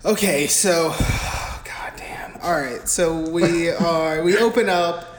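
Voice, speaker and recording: Young man, podcast co-host, foul-mouthed and animated, echoey room, slight hiss. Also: a little high, measured pace. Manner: crude, profane, animated retelling with mimicked quotes. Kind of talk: casual movie podcast chat.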